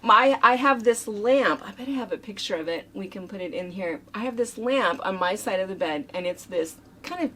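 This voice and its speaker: A middle-aged woman chatting casually as co-host, telling animated family stories and laughing often. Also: medium pitch, moderate pace, hardly any pauses, slight background noise. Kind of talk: casual chat.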